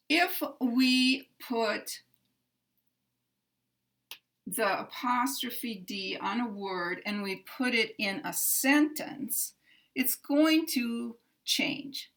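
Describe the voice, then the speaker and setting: A woman teaching English pronunciation, explaining sounds in a careful, measured way and repeating example sentences. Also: on the high side, a bit bright. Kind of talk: slow, deliberate pronunciation lesson.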